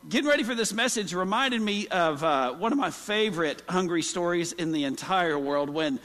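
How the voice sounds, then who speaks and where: A man preaches a sermon in a church sanctuary, telling folksy stories and tossing questions to the congregation. His voice sits high for a man, and the sound carries a long hall reverb. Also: animated, normal speed, fairly bright tone. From Oklahoma. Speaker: pastor.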